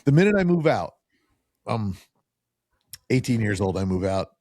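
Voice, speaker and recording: A middle-aged man in a casual podcast chat, an animated storyteller who acts out quoted dialogue. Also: on the low side, moderate pace, no room sound, studio quality.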